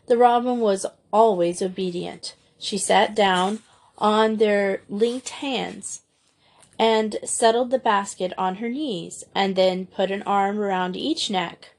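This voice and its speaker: A woman's voice: fairly low pitch, steady tone, a little slow, a little mellow. Woman narrating a storybook aloud. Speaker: audiobook reader.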